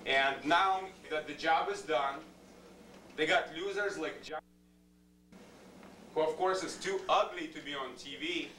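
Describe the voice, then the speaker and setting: Bright high-voiced man ranting from afar. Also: a little slow, pauses often. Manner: angry, insulting, demanding. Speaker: speaker at public board meeting. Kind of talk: ranting public comment. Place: meeting room, indoors. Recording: echoey room from far off, faint noise.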